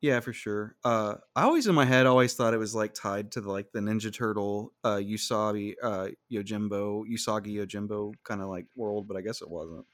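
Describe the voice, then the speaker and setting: A man's voice: lowish voice, fairly quick, hardly any pauses, no room sound, clean studio sound. A man hosting a casual podcast chat, rambling with many fillers and frequent laughs. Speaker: podcast host.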